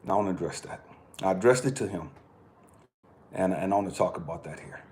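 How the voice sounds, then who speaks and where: A man from California speaking bluntly in a personal monologue, cursing freely and swinging from quiet remarks to impassioned outbursts. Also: low-pitched, fairly quick, a little hiss or hum. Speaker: channel host.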